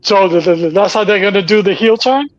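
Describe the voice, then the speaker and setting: A man's voice: high voice, a little fast. Rambling man, dull lo-fi sound. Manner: rambling storyteller, many restarts. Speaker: podcast host. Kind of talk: casual wrestling chat.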